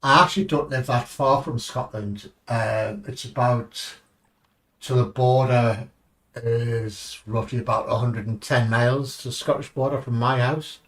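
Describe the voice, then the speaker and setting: Slow rambling English man gaming. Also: mid-range voice, fairly even intonation, fairly bright tone, far from the mic. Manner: rambling, chatty, casually swearing. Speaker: streamer. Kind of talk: casual gaming commentary.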